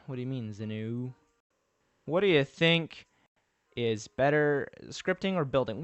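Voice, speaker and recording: A man's voice: medium pitch, expressive, moderate pace, dry recording. A man chatting casually on a live stream while he builds, thinking aloud with restarts and answering his viewers' messages.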